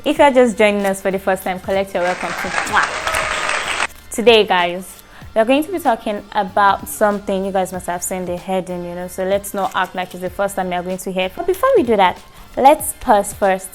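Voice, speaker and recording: A woman's voice: medium pitch, moderate pace, over music, a crowd in the background. A young woman hosting her own vlog in a chatty, playful way, teasing her viewers. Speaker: show host. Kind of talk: casual vlog talk.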